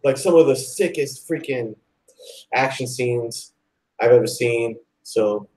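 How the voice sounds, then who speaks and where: A man hosting a live online talk show, chatting excitedly and rambling, with lots of "like" and "dude". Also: medium pitch, takes it slowly, rough recording. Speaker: host. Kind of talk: casual chat.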